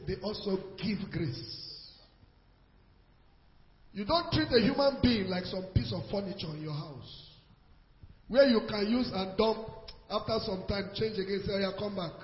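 A man preaching as a pastor, answering a question from the congregation with deliberate, emphatic scripture quotes. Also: sits high. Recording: echoey hall, dull lo-fi sound.

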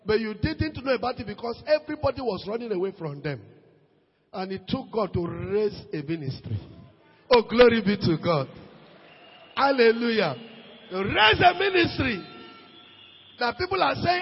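High-voiced Nigerian preacher, husky and shouting. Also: male voice, big pitch swings, normal speed, big-room sound, highs cut off. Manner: preaches with sudden shouted rises and quiet drops, mixes in Pidgin. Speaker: pastor. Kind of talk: sermon.

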